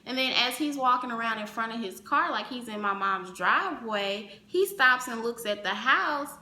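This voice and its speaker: A woman telling a personal story in casual vlog fashion, animated, acting out the other people's lines as she goes. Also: fairly high pitch, normal speed, slight background noise. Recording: roomy echo.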